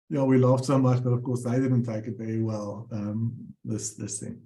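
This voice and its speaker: A man's voice: medium pitch, fairly even intonation, normal speed, few pauses, warm tone, echoey room. A man presenting his bird paintings, telling rambling anecdotes with many fillers and restarts. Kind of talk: casual storytelling talk.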